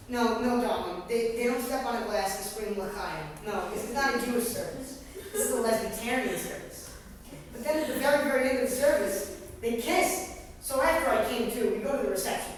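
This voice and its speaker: A man's voice: very high voice, slight background noise. A man performing a chatty middle-aged mother who gossips on the phone, in a stage monologue. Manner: gossipy, exclamatory, talks straight to an unseen caller. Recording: echoey stage hall, distant mic.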